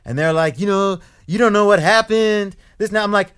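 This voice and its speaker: A young man, a guest in a casual interview, telling a story in an animated way that gets loud when he acts out anger. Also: high-pitched, normal speed, few pauses, clear, resonant tone.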